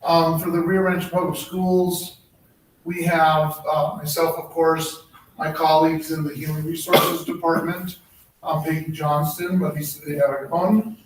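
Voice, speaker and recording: A man's voice: on the high side, flat delivery. Man presenting in an echoey meeting room. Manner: halting, many ums and restarts. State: slightly losing his voice. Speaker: human resources director. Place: public board meeting room. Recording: echoey room, distant mic, faint noise.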